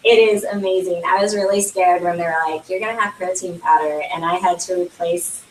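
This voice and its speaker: At a launch party, a young woman consultant gives a casual product presentation to guests, talking chattily with plenty of fillers and frequent laughs. Her slightly low voice is caught by a camera across the room, so it sounds distant and echoey, with slight background noise.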